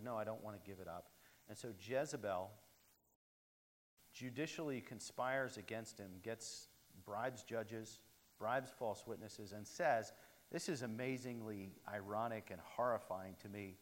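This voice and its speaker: A man giving a conversational sermon with many fillers and restarts. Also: medium pitch. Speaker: preacher. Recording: reverberant hall.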